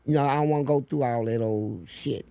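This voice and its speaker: A man's voice: medium pitch, brisk, gravelly, mellow, clear, resonant tone, no echo. A man telling blunt, profane stories as a guest in an interview. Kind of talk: storytelling interview.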